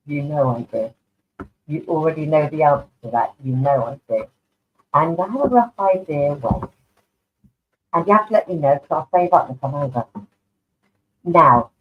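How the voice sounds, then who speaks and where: A woman giving live online tarot card readings, affectionate and chatty, calling people darling. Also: deep voice. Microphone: online video stream. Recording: tinny phone-like online audio.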